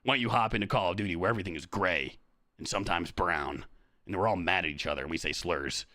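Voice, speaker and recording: A man's voice: sits low, quick pace, pushed and bright, no echo, clean studio sound, voice pushed down. A man voicing a sneering, macho male shooter-game fan who mocks other players.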